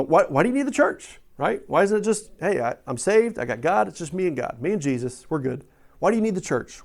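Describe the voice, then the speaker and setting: Conversational preacher, slightly high-voiced man. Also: a little mellow. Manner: conversational, asks questions and tags lines with "right?". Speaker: pastor. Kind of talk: sermon.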